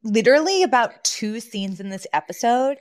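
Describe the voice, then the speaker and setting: A woman hosting a podcast, recapping a TV episode in casual chat, animated and laughing often as she acts out quotes. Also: a little high, normal speed, dry recording. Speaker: podcast host.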